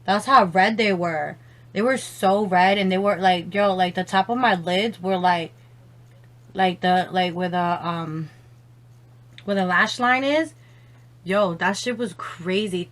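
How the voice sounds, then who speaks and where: A young woman does her makeup on camera at home and chats on the phone as she goes. She drawls her words out slowly and swears freely. She keeps exclaiming and laughing between lines. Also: medium pitch, fairly bright tone. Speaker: beauty vlogger. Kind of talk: casual makeup chat on the phone.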